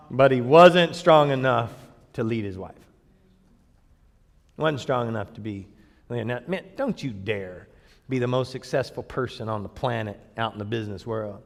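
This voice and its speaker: A man's voice: medium pitch, big-room sound. A male pastor preaching a sermon in a church, telling the story in a folksy, joking way. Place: church sanctuary.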